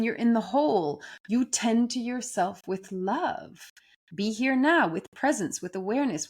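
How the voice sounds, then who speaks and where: A woman talks through a reflective spiritual lesson at a middling pitch. Her delivery is gentle and earnest, leaning hard on key words. She often circles back and restarts a phrase as she thinks aloud. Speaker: spiritual teacher. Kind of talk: reflective spoken talk.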